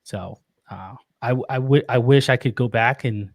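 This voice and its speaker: A man talking as a podcast guest about being a father, earnest and reflective, often pausing and restarting his sentences. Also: mid-range voice, no echo. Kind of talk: casual interview.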